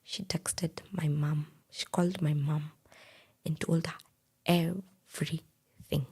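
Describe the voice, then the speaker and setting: A young Kenyan woman tells her own story slowly and steadily, her voice breathy, half-whispered and intense. It sits low and dark, carrying a heavy gravelly rasp and a very husky edge.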